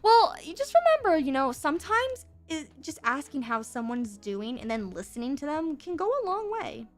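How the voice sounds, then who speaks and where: A young woman streaming casually while she draws, chatting in a rambling, excitable way and breaking into giggles. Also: sits high, moderate pace. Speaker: VTuber streamer. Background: faint background music.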